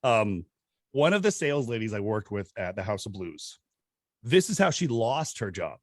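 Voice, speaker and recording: A middle-aged man hosting a podcast, telling stories in a casual, animated way and laughing often. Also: normal speed, dry recording, studio quality. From Southern California. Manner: animated, laughs often, acts out quotes in high voices. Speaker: podcast host. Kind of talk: casual storytelling chat.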